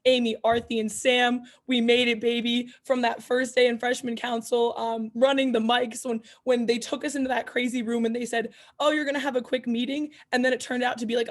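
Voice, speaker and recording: A young woman giving an upbeat, casual farewell speech on a video call, full of shout-outs to her peers. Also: a little high. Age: young adult. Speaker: student representative. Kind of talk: farewell speech at online meeting.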